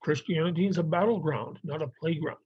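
A man's voice: fairly high pitch, brisk, slightly rough, dry recording. A man teaching a Bible survey lesson, explaining plainly with some fillers and restarts. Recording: dry, muffled lo-fi recording.

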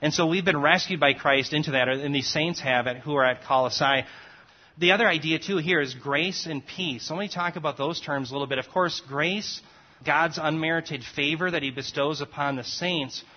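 A man teaching a Bible study class in an explanatory manner, often pausing to check in with his listeners. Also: on the high side. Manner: checks in often with "okay?" and "right?". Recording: dull lo-fi recording.

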